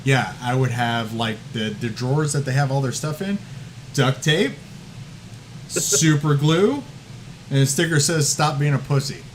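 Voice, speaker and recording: A man's voice: mid-range voice, unhurried, slight background noise. Swearing man telling stories. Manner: profane, laughing storyteller who acts out quotes. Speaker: podcast host. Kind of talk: casual podcast chat.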